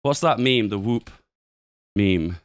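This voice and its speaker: Guy hosting a gaming channel, lively swoopy delivery, dry close sound, laughs and swears. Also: on the low side, slow, no echo. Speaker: gaming YouTuber. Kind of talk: casual commentary on a game update.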